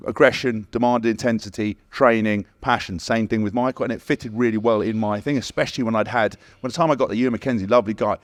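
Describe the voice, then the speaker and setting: Male podcast co-host, former player, rapid and animated storyteller, dry studio sound. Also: fairly low pitch, dry recording. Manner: animated, swears freely, laughs mid-story, acts out quotes. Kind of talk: casual storytelling chat.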